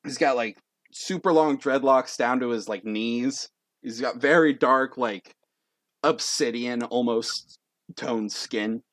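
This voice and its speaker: A man's voice: mid-range voice, slow, fairly bright tone, no echo, clean studio sound. A young man narrating a tabletop game as game master, in a casual, rambling way full of fillers.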